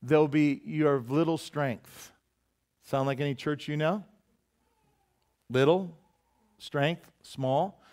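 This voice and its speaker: A man preaching a sermon with a voice pitched a little above most men's. He is animated and talkative, often throwing questions to the congregation and acting out quotes, sometimes with sudden shouts. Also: slow pace, long pauses. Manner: animated preaching with call-and-response asides to the congregation. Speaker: pastor.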